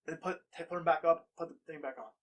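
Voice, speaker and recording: A man's voice: a little high, steady tone, quick pace. Speculating man spinning a theory. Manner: speculative, piecing ideas together with restarts. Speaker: podcast co-host. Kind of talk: casual podcast chat.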